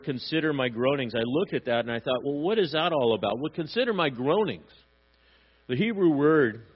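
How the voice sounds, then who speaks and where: A man preaching a sermon, animated, acting out short voices as he tells his points. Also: mid-range voice, highs cut off. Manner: animated, acts out little voices for God and parents. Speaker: pastor.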